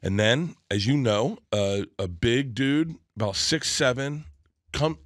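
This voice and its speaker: A man, a comedian guest, telling a long anecdote in an excitable way, with quick restarts and stammers, and slipping into other people's voices. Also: medium pitch, no echo, studio quality. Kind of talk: animated storytelling anecdote.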